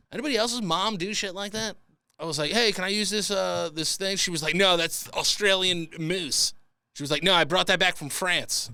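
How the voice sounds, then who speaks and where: Bright-voiced man ranting comedically. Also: sits high, dry recording. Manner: profane, exasperated ranting. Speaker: podcast host. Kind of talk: comedic storytelling monologue.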